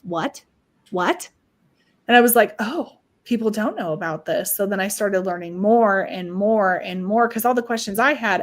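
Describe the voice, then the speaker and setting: A woman with a voice of ordinary pitch, telling her story as a guest in a relaxed podcast chat. She talks candidly and swears freely, often quoting what she once thought to herself. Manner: candid, profane, quotes her own past thoughts. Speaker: psychic medium and manifestation coach, podcast guest.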